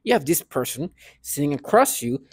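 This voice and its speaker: A man's voice: fairly high pitch, very animated, normal speed, slightly rough, dry recording. A man ranting in a vlog monologue, agitated and scornful, repeating himself often. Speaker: vlogger.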